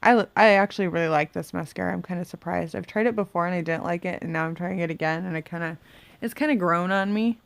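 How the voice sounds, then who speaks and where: Working through her makeup at home in the bedroom, this beauty vlogger talks quickly in a low, creaky voice, chatting to herself, muttering and humming at times. The recording is dry.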